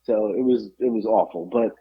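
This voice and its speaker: Husky man telling an exasperated story. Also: fairly low pitch, normal speed. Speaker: podcast host. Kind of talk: casual chat, storytelling. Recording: dull lo-fi podcast audio.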